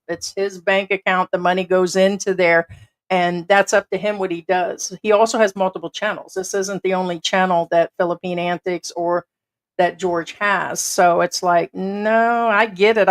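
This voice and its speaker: Chatty, blunt American woman host. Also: on the low side. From United States. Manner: rambling, blunt and chatty, with casual swearing. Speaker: livestream host. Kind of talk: casual livestream chat.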